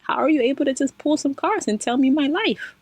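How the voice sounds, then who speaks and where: A woman's voice: high-pitched, brisk, no echo. A woman hosting her spiritual channel, telling a personal story casually and expressively, calling her listeners y'all. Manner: expressive, addresses listeners as y'all, laughs often.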